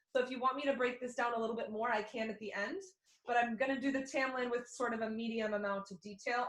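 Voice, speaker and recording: A woman's voice: a little high, fairly bright tone. A young adult woman teaching a fiddle class online, explaining rhythm and counting beats aloud in a friendly way. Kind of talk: online music lesson. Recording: echoey room.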